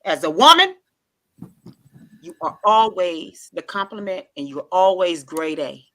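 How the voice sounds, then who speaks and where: A woman's voice: lowish voice, sing-song, unhurried, fairly bright tone. A woman hosting a casual storytelling vlog, chatty and playful, who often acts out the dialogue. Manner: chatty and informal, with many interjections. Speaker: channel host.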